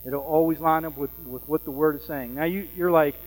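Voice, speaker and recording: Chatty preacher in an echoing hall. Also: male voice, on the high side, brisk, hardly any pauses. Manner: conversational, frequent fillers and "Amen?" checks. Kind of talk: sermon.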